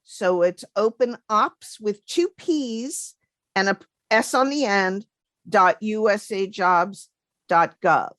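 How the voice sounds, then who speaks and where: A woman co-hosting a career podcast, explaining things in a measured, deliberate way. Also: medium pitch, fairly bright tone, no room sound. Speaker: podcast co-host, federal careers advisor. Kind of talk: casual chat.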